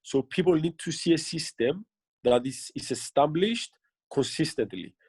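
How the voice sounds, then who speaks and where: A man's voice: fairly high pitch, expressive, normal speed, a little mellow, slightly rough, no echo. Earnest man giving coaching advice. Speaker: interviewed business leader. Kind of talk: motivational interview answers.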